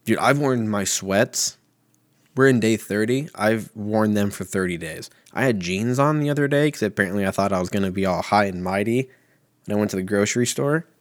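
A man's voice: fairly low pitch, normal speed, no echo, studio quality. A man in his thirties hosting a casual solo podcast from home, rambling and swearing with a self-mocking manner. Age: 30s. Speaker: podcast host.

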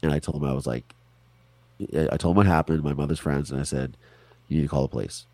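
A man in his forties, an interview guest, telling a personal story in a casual, animated way, acting out other people's lines. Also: very deep voice, quick pace, no room sound. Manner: animated, quotes people in put-on voices, swears.

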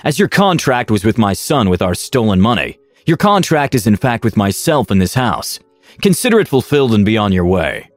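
A man's voice: fairly low pitch, sing-song, normal speed, no room sound, faint music behind. A man voicing a stern, wealthy older father and shrewd businessman who speaks in a cold, commanding way.

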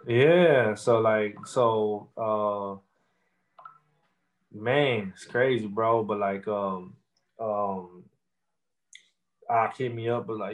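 A man's voice: lowish voice, steady tone, takes it slowly, pauses often, low-quality recording. Laid-back young man rapper, slangy talk. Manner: loose slang-heavy street talk, many fillers. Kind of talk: casual interview storytelling.

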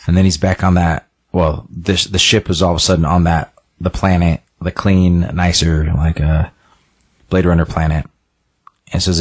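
A man's voice: low-pitched, fairly even intonation, moderate pace, breathy edge. A man casually retelling a game's story, rambling along with many fillers. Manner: rambling, lots of "he's like" and fillers. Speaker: game plot recapper.

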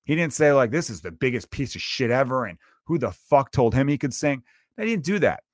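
A man in his thirties hosting a solo comedy podcast, ranting in a casual, animated way, dropping swear words. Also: mid-range voice, brisk, no echo, clean studio sound. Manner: conversational and animated, swearing, acting out quotes. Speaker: podcast host.

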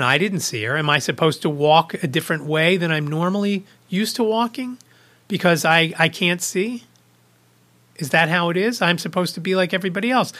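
A man's voice: high voice, pushed and bright. A man hosting a podcast, casually retelling a personal anecdote with small restarts. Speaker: podcast host. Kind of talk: casual storytelling vlog.

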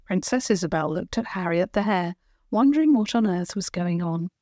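A woman narrating a children's storybook in a gentle, clear read-aloud manner. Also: on the low side, expressive, normal speed, no room sound, studio quality.

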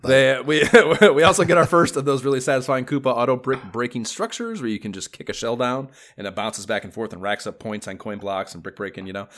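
A man's voice: mid-range voice, brisk, few pauses, a bit bright. A man co-hosting a casual gaming podcast, rambling and enthusiastic, swearing freely. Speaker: podcast co-host.

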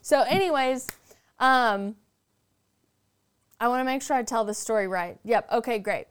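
Podcast guest: a woman telling stories, casual and animated, fond of swearing, with a smooth, clear voice. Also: fairly high pitch, a little slow. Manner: animated, chatty, swears freely. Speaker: podcast guest, paranormal storyteller. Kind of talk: casual storytelling.

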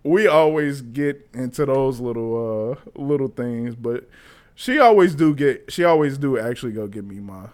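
A man, hosting a podcast. He tells stories in a relaxed, unhurried way and stretches certain words out slowly for effect. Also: medium pitch. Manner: laid-back storytelling, drawls some words slowly. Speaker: podcast host. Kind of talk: casual chat.

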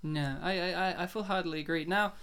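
A podcast host chatting casually about a movie, rambling with quick asides and frequent laughs. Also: medium pitch, a bit bright, clear, resonant tone. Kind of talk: casual movie review chat.

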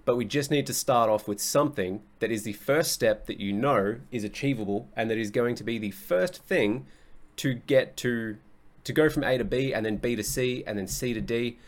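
A man's voice: medium pitch, normal speed. A young adult man hosting a casual solo podcast as a coach, talking bluntly, swearing often and laughing easily.

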